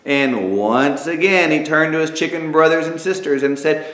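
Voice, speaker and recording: A man narrating an inspirational story aloud, dramatic and lively, with spoken sound effects. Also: fairly high pitch, moderate pace, few pauses. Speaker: author and narrator. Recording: echoey room.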